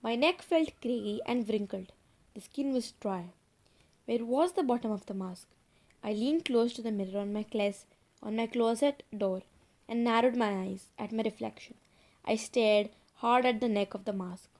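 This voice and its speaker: A woman's voice: a little high, normal speed, a little mellow. Woman reading a spooky story aloud. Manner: suspenseful, addresses listeners directly. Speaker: audiobook narrator. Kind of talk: dramatic audiobook reading.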